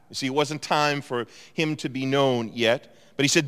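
Smooth-voiced pastor preaching in a reverberant hall. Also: male voice, mid-range voice, steady tone, normal speed, hardly any pauses, a bit bright. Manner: earnest, conversational preaching with emphatic rises. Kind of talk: sermon.

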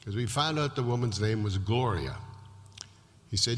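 A man's voice: lowish voice, expressive, normal speed. A man, a pastor, telling a personal testimony during a sermon in a conversational, vivid storytelling manner. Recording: long reverb in a hall.

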